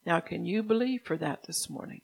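An older woman pastor preaching a sermon in a soft, unhurried way, stopping now and then to correct herself. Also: lowish voice, animated, creaky, husky.

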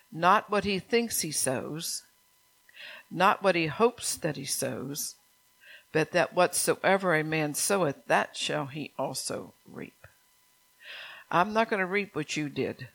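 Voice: mid-range voice, unhurried, vocal fry, fairly bright tone, low-quality recording. A pastor preaching a sermon, emphatic and repeating key lines for stress, often calling out to the congregation for a response.

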